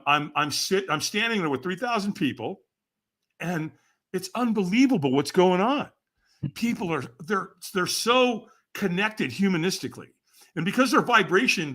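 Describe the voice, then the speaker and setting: His voice is high, a bit bright, and slightly rough. This older man is a podcast guest telling a story with energy, imitating the voices of the people in it and laughing often.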